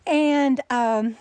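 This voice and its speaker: This high-pitched woman is an RV nomad vlogger, recounting a story on a forest trail hike for her casual outdoor vlog. She's chatty and slightly winded, laughing frequently through an animated retelling, with no echo around her voice.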